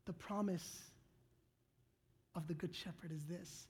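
A woman preaching a sermon, talking straight to her congregation and swinging from loud, emphatic lines to hushed whispers. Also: fairly low pitch, measured pace, long pauses, breathy edge. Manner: earnest, direct address to the congregation.

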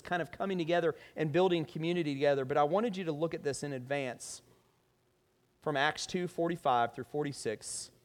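A male pastor delivering a conversational sermon, often asking the congregation rhetorical questions. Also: on the high side.

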